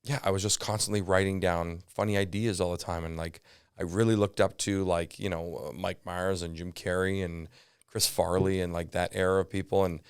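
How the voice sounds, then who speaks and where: A man's voice: low voice, moderate pace, smooth, no echo, studio quality. A Canadian man, a comedian and podcast guest, telling stories in a casual chat full of asides and fillers. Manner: animated storyteller, lots of fillers and asides.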